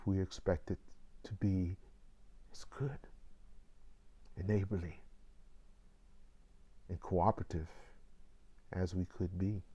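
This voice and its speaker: A man in his sixties telling a personal story in a measured way, with deliberate pauses. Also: low voice, mellow.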